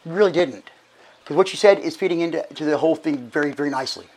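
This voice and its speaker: A middle-aged man gives casual church announcements as archbishop, hoarse and short of breath, chatty and folksy with halting restarts. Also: fairly high pitch, darkish tone, rough recording. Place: church sanctuary.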